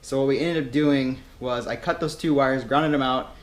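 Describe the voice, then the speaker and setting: A young man hosting a car build vlog, calmly explaining his work as he goes in a home garage. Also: medium pitch, moderate pace. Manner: laid-back, chatty, explains as he works. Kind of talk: casual garage vlog walkthrough.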